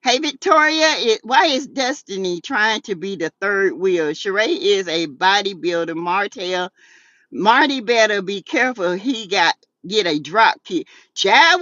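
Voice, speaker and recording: A woman's voice: mid-range voice, moderate pace, dry recording, highs cut off. Sassy Southern woman dishing gossip. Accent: Southern US, South Carolina. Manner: sassy, animated, laughs often, dialect-rich Southern speech. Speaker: YouTube talk show host. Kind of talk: casual gossip commentary reading live chat.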